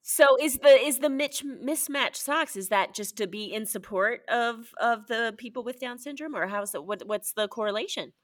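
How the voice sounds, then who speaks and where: A woman co-hosting a podcast in casual chat, reacting with curiosity and quick laughter. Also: fairly high pitch. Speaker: podcast co-host.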